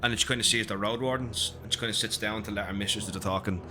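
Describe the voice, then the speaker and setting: A man's voice: fairly low pitch, fairly even intonation, quick pace, over music. A man narrating a tabletop role-playing game as game master, with a loose, hesitant delivery.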